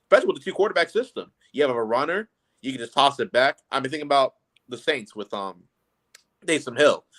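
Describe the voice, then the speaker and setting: A man's voice: medium pitch, expressive, quick pace, fairly bright tone. A man co-hosting a casual sports podcast, talking in a laid-back way with lots of "you know" fillers. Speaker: podcast co-host.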